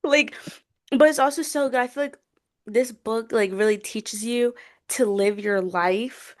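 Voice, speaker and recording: A woman's voice: fairly high pitch, measured pace. A young adult woman co-hosting a book chat, bubbly and gushing, full of fillers and giggles. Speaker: co-host of a book podcast. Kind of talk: casual chat.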